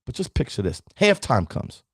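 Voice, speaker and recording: A man's voice: mid-range voice, wildly swooping pitch, moderate pace, slightly rough, no room sound, clean studio sound. A middle-aged man hosting a podcast, giving an emphatic, preachy motivational talk straight to his listeners. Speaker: podcast host.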